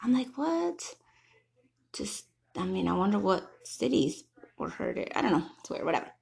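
A woman's voice: mid-range voice, animated, fairly quick, creaky, breathy edge. A young woman hosting a casual solo podcast, rambling and laughing as she talks. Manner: rambling, laughs often, shouts catchphrases. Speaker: podcast host.

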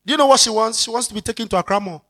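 Rapid-fire and medium in pitch, a pastor with a Ghanaian accent preaches energetically, moving between English and Twi. He acts out everyday moments and breaks into shouts for emphasis from time to time.

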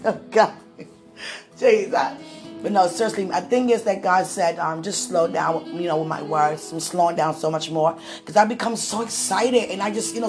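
A woman speaking warmly and excitably to her listeners in a casual, faith-filled chat, with lots of "you know.". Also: lowish voice. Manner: affectionate and excitable, with frequent "you know" and laughter. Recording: faint music behind.

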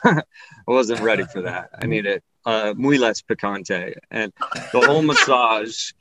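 A man performing a stand-up comedy set, telling a story in an animated way and acting out the voices of the people in it. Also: medium pitch, a little slow, crowd noise, poor audio.

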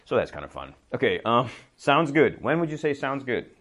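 A man's voice: mid-range voice, big pitch swings, normal speed, a bit bright, dull audio. A man in his thirties teaching everyday English phrases in a casual, chatty way, laughing often and acting out short example lines. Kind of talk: casual spoken English lesson.

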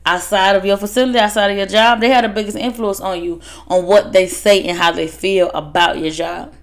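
A woman giving a casual motivational talk to fellow workers, animated and laughing as she acts out her family's voices. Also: mid-range voice, fairly quick. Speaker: speaker addressing workers.

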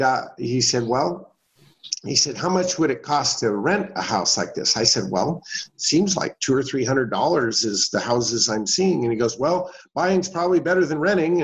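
Middle-aged male interview guest, mid-pitched, anecdotal storyteller, slightly muffled recording. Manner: folksy anecdotal storytelling, voicing other people. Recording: dull lo-fi sound.

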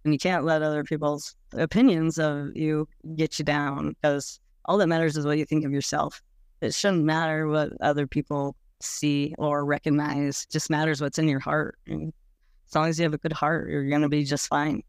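A woman's voice: deep voice, little pitch movement, normal speed, smooth, no room sound, studio quality. A woman recalling her own experiences in an interview, speaking frankly and casually, full of "like"s and the odd blunt swear word. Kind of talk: candid personal recollection.

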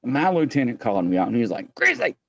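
Middle-aged man, host, casual storyteller, swooping lively voice, dry close sound. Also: medium pitch, rapid-fire, dry recording. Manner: animated, acts out voices while telling stories.

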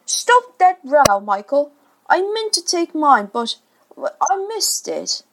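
A woman doing a loud, blustering storybook father. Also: sits high, very animated, slow, noisy background, voice pushed up, full character voice. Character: blustering self-pitying middle-aged father. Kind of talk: storybook reading.

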